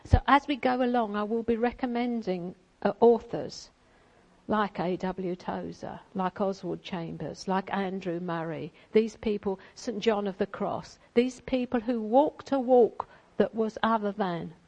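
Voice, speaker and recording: A woman speaks to a church group in a relaxed, conversational way. She drifts between teaching and reading a storybook passage aloud, with frequent ums and little asides along the way. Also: medium pitch, measured pace, creaky, highs cut off. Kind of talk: informal sermon with a read-aloud passage.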